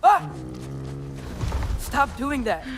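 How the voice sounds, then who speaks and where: Atreus, an earnest teenage hero. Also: male voice, very high-pitched, big pitch swings, drawn-out words, music in the background, full character voice. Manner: earnest, resolute. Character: earnest teenage boy, determined young hero. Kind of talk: video game voice acting.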